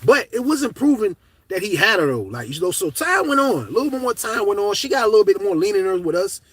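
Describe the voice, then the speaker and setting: A man telling a comedic story in casual, slangy talk, swinging from hushed to loud. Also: high-pitched, very animated, fast talker, breathy edge, no room sound.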